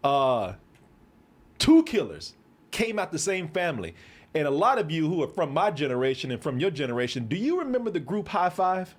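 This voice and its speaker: A middle-aged man from Texas hosts a casual chat and tells stories from his past. His pitch leaps around a lot, and his voice sits a little high for a man. He slips into the voices of the people he talks about. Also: normal speed. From Waco, Texas. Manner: animated, acts out voices in his stories, laughs often. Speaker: host.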